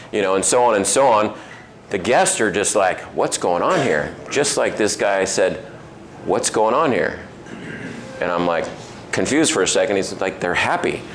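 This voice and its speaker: A man's voice: lowish voice, slight background noise. A man who owns a restaurant gives a casual talk to a men's group, telling stories and acting out the voices of the people in them, with many fillers. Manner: storytelling, acts out quoted voices, many fillers. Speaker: restaurant owner giving a talk. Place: restaurant dining room.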